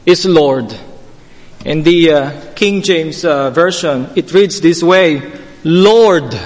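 A man delivers a sermon with a high, bright-edged voice, taking each phrase slowly and pressing on key words. His voice rings out with a long reverb, as if from a church hall. He builds at times to fervent, pleading emphasis. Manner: slow, deliberate, emphatic preaching, rising to fervent pleas. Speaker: preacher.

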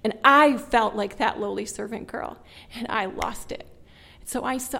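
A woman with a slightly high voice shares her personal testimony, earnest and conversational. She peppers her talk with "like" and her voice drops low and hushed at the painful parts. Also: moderate pace, vocal fry. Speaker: speaker sharing her testimony.

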